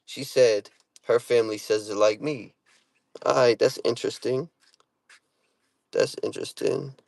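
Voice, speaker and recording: A man's voice: medium pitch, fairly even intonation, unhurried, gravelly, a little mellow, no echo. Man chatting on a livestream. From Boston area. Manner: streetwise slang, profane, repeats himself. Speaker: livestream host. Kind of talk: casual livestream chat with viewers.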